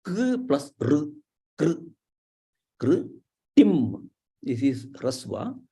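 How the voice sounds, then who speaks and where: Guy teaching letter sounds, slow careful syllables, lots of uh's. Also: mid-range voice, big pitch swings, creaky, dark tone, husky. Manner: drawn-out syllables, many uh fillers. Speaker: Sanskrit pronunciation teacher. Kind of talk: explaining slowly, letter by letter.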